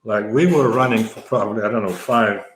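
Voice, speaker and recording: Middle-aged man, deep-ish voice, halting storyteller in an echoey room. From former Soviet Union. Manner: halting, many fillers and restarts. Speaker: interview guest, former pro cyclist. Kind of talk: conversational storytelling.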